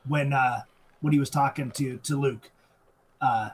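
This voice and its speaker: A man's voice: mid-range voice, steady tone, measured pace, husky. A man co-hosting a podcast, chiming in with short agreements and plot details during a casual movie chat. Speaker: podcast co-host.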